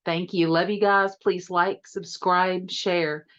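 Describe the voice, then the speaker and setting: A woman chats through a casual horror movie review, giggling and repeating her words. Her voice sits low. The recording is dull and lo-fi. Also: little pitch movement, slow, a bit bright.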